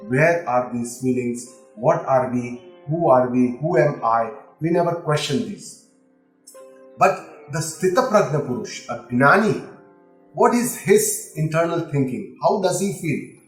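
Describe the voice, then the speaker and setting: A man's voice: medium pitch, animated, a little slow, reverberant, soft background music, rough recording. Man teaching with an Indian accent. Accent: Indian English. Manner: explanatory, repeats key terms. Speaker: spiritual teacher. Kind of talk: lecture on scripture.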